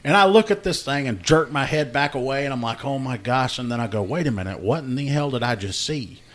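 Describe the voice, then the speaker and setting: A man's voice: mid-range voice, lively intonation, brisk. Laughing man telling a story. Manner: laughing storyteller, acts out dialogue. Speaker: podcast host, law enforcement officer. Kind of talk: casual chat, storytelling.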